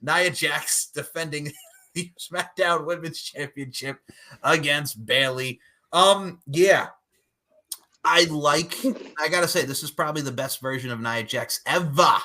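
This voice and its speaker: A man hosting a wrestling podcast, talking loudly and jokingly, breaking into rap lyrics and hype calls. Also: fairly high pitch, a little slow. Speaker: podcast host. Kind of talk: casual wrestling podcast chat.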